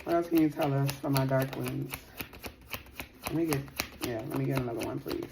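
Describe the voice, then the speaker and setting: A woman's voice: rumbling low, brisk, very noisy. A woman giving a casual tarot reading to her viewers. She talks in a chatty, slangy, playful way and laughs often. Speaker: tarot reader.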